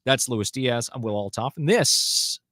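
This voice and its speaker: A man hosting a sports radio show in casual, chatty talk, easygoing and quick to poke fun at himself. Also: mid-range voice, heavy background noise. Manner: relaxed, chatty, self-deprecating. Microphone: studio broadcast mic.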